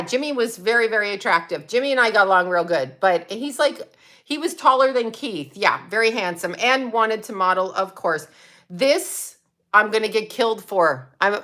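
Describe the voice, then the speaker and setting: A woman's voice: mid-range voice, pushed and bright. A middle-aged woman chatting casually on a livestream, laughing often and talking to viewers by name. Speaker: psychic medium and livestream host.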